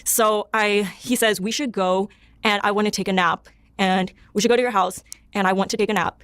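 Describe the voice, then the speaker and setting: A woman's voice: mid-range voice, steady tone, normal speed, a bit bright, clean tone, no room sound. A young woman from Panama, a podcast guest, telling her personal testimony in a rambling way, leaning on "like" and quoting herself. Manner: rambling, heavy use of "like", self-quoting.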